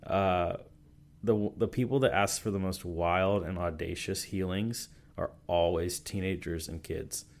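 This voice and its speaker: Low-voiced pastor rambling through stories. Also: male voice, fairly even intonation, unhurried, gravelly. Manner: rambling, full of "like" and "you know" restarts. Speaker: youth and young adults pastor. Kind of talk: casual storytelling in a podcast interview. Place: podcast recording session.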